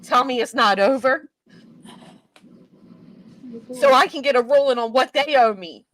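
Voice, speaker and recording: A woman's voice: high voice, measured pace, fairly bright tone, a little hiss or hum, poor audio. A woman hosting a casual livestream, profane and fired up, shaky and agitated as she reads a court ruling aloud. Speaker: livestream host.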